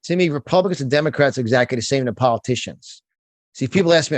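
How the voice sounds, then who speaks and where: This guest, a middle-aged New Yorker who works as a motivational speaker and business coach, is emphatic and fired up, often restarting words in a passionate conversational interview. He has a medium pitch, lively intonation, and a fast pace, with no room sound.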